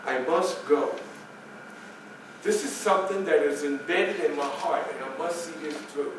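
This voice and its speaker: John Brown, a resolute old abolitionist, as a male reenactor puts him on, speaks in a hushed and grave manner, slower and lower than the storyteller around him. The sound is echoey and comes from far off. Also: sing-song, background noise. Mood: quiet resolve.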